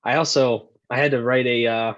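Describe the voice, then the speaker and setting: A man telling stories as a podcast guest, animated and profane, acting out the voices he quotes and laughing as he goes. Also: medium pitch, moderate pace, highs cut off. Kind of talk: casual storytelling.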